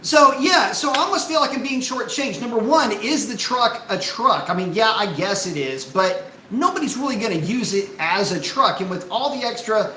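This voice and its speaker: A man hosting a casual live stream, ranting in an animated, profane, exasperated way and reading out chat messages. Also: high-pitched, normal speed, hardly any pauses, echoey room, slight background noise, poor audio.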